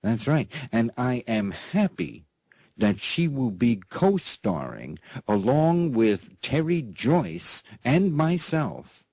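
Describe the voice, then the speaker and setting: Slow, husky-voiced male radio host. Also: medium pitch, big pitch swings, a little mellow, no room sound. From United States. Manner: rambling, constantly checking in with "okay?" and "that's right"; playful, showman-style introductions. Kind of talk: casual talk-radio monologue.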